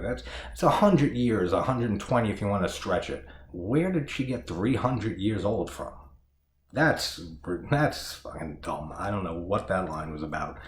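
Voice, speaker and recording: Low-voiced man rambling through a review. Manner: rambling, profane, chuckles often. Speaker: horror movie reviewer. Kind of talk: casual spoiler review. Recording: echoey room.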